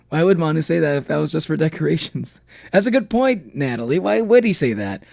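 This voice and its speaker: A man's voice: on the high side, animated, normal speed, gravelly, darkish tone, dry recording, studio quality. Playful man chatting on a game stream. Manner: playful, laughs often, chats with chat. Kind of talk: casual let's-play chat with viewers.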